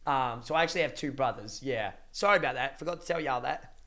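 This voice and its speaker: A young man, a streamer casually telling a family story to his live chat, emphatic and repetitive, swearing freely. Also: medium pitch. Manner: animated, emphatic repetitions and dramatic pauses.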